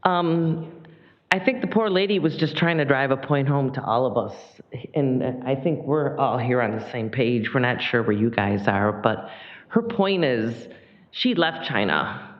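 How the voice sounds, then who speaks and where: A woman from Michigan giving an impassioned public comment at a county board meeting, near tears and shifting between rushing and slow emphasis. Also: a bass voice, expressive, lo-fi sound.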